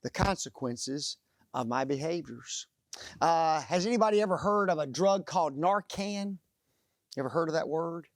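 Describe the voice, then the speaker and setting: Male preacher with a slightly high, dry-sounding voice; lively storyteller who prompts listeners to finish his sentences. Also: normal speed, dry recording. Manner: asks the audience fill-in-the-blank questions; animated storytelling. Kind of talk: sermon.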